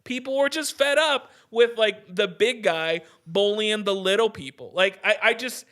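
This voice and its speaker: High-voiced man ranting on a podcast. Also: moderate pace, a bit bright. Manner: heated, profane, restarts often, says "dude" a lot. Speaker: podcast host. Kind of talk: casual ranting podcast monologue.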